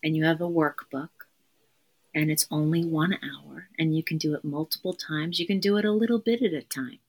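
A woman's voice: deep voice, moderate pace, a little mellow. A woman therapist, a podcast guest, talking in an earnest, emphatic way and repeating her key phrases. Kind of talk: conversational interview.

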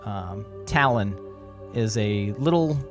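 A woman's voice: extremely low pitch, animated, slow pace, music in the background. A woman narrating as game master of a tabletop game, laughing often as she describes the scene.

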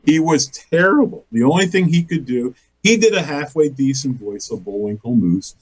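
Husky, rambling male comedian storyteller. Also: medium pitch, lively intonation, moderate pace, poor audio. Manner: rambling storyteller, laughs often, acts out quotes. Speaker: comedian guest. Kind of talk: casual interview chat.

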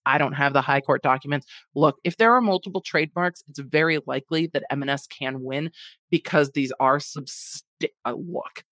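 A woman's voice: lowish voice, dry recording. A woman hosting a podcast, chatting casually and wryly about a food lawsuit. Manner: chatty, wry, sarcastic asides. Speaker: podcast host.

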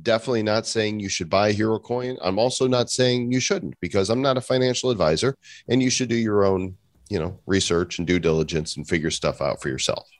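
A male podcast co-host with a very deep voice, talking in a loose, jokey way. His voice sounds dry and close, with no room around it. He laughs easily and reads out listener reviews. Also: a little fast, dry recording. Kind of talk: casual podcast chat.

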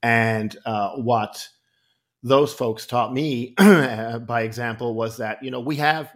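A man's voice: mid-range voice, takes it slowly. Newfoundland man telling stories. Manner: animated, self-correcting. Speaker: actor and comedian guest. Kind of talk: interview storytelling.

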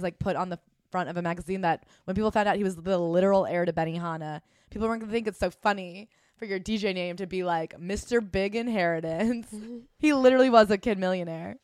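A woman's voice: lowish voice, fast, a little mellow, smooth, dry recording, clean studio sound. A young adult woman co-hosting a podcast, chatting casually, laughing often and reading book quotes aloud. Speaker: podcast co-host. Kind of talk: casual chat.

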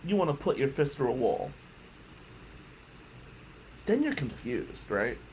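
A middle-aged man telling a personal story with raw, blunt candor. His pitch rises and falls a lot as he recounts what happened. A faint hiss of room noise sits under his voice. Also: big pitch swings, measured pace, a little mellow. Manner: candid, emphatic, with some swearing. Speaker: podcast host.

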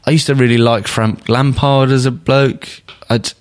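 A man's voice: mid-range voice, fairly even intonation, moderate pace. A man co-hosting a casual football podcast, joking and swearing as he talks. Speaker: podcast co-host.

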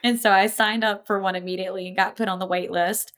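A young adult woman, a podcast guest and powerlifting coach, telling her stories in casual chat, animated, often laughing and acting out what people said. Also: mid-range voice, fast talker. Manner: animated, laughs often, acts out quoted voices.

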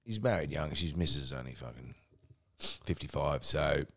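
A man's voice: rumbling low, lively intonation, moderate pace. A young Australian man telling a rambling, sweary story on a casual podcast, laughing as he goes. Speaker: podcast co-host.

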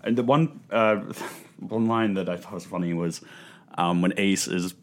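A man co-hosting a casual podcast chat, making dry, deadpan jokes. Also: low-pitched, measured pace, slight background noise. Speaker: podcast co-host. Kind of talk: casual book-club chat.

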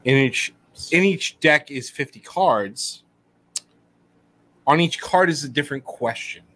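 A man's voice: on the high side, expressive, a little slow, fairly bright tone. A man co-hosting a podcast in casual chat, playful and drawing out words for emphasis. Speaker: podcast co-host.

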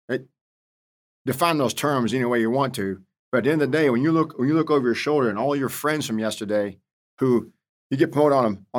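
A man in his fifties, a senior Marine leader interviewed as a guest, telling stories bluntly with salty words. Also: medium pitch. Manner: animated storyteller, blunt and salty. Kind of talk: storytelling interview.

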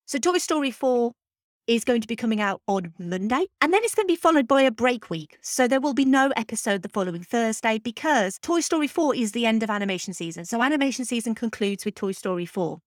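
A woman's voice: a little high, animated, fairly quick, no echo, studio quality. A woman hosting a film podcast, chatty and enthusiastic as she wraps up the episode with announcements. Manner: chatty, enthusiastic, self-deprecating. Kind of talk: scripted podcast outro. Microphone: podcast microphone.

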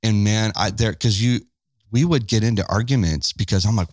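A man with a deep, low voice chats on a podcast beside his wife. He is candid and pokes fun at himself, acting out old arguments as he goes. The sound is dry and close, with no room echo. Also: moderate pace, darkish tone. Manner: candid, self-deprecating, acts out past conversations. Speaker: podcast co-host. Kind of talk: casual couple's podcast chat.

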